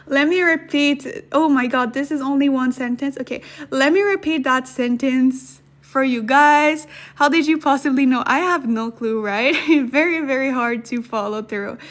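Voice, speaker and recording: A woman with a high, fairly bright voice teaches a beginner language lesson on a livestream. She is chatty, thanking viewers as she goes, and reads sentences slowly and then fast.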